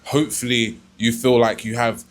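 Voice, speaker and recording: A man speaks as a guest in a calm, thoughtful manner, choosing his words with care. His voice sits at a middle pitch and an even, measured pace. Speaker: guest, government worker. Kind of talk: reflective casual answer.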